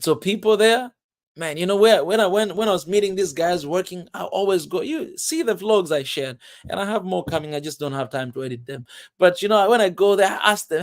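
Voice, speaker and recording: Man, high voice, casual vlog monologue, emphatic, laughs easily. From Tanzania. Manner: emphatic, keeps saying "man", laughs often. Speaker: vlogger.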